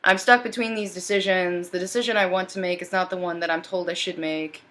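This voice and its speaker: A woman's voice: lowish voice, fairly even intonation, a little fast, fairly bright tone, natural voice. A woman voicing a pleading, anxious man in the first person during a tarot reading, repeatedly begging for help.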